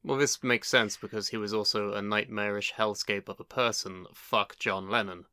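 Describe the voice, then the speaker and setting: Deadpan man with a crisp, bright voice. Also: lowish voice, moderate pace, no room sound. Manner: dry, deadpan humor. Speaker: podcast co-host. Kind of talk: casual chat.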